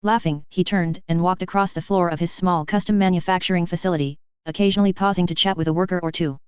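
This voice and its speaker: A woman narrating a science fiction story in a steady, even storytelling voice, in a dull lo-fi recording. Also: fairly low pitch, fast talker, clean tone, no echo. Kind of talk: audiobook narration of a sci-fi story.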